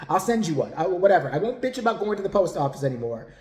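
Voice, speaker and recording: Podcast host, man, blunt and foul-mouthed, slightly high voice, roomy echo. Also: very animated, brisk. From United States. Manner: blunt and profane, rambling. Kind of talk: casual talk to viewers.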